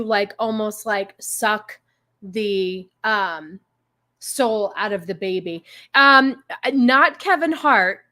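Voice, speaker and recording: A woman's voice: medium pitch, bright, forceful tone. A woman with a mid-range voice co-hosts a casual chat stream. She talks hesitantly, with many ums and restarts. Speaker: co-host.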